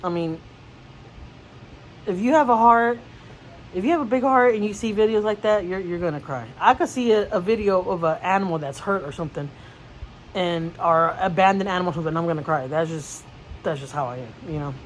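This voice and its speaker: A woman's voice: fairly low pitch, brisk, a little hiss or hum, poor audio. A woman vlogger chatting casually to camera, rambling and emotional, with frequent restarts and repeated words. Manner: emotional storytelling.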